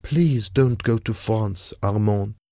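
Man doing a tearful young woman, soft, slow, pleading, storybook reading, dry close sound. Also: fairly low pitch, animated, husky, no room sound. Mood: pleading sadly. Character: sorrowful young woman pleading with her brother.

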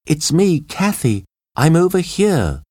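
A man's voice: on the high side, big pitch swings, takes it slowly, a little mellow, dry recording, clean studio sound, pitched above the performer's own voice, exaggerated voice. A man voicing a trapped young woman survivor who calls out eagerly in a storybook reading. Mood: calling out. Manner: calling out, eager.

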